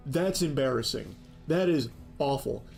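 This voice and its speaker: A man's voice: medium pitch, expressive, measured pace, creaky, a little mellow, soft background music. A man commentating on a stream clip in a sarcastic, mocking, incredulous way. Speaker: reaction commentator.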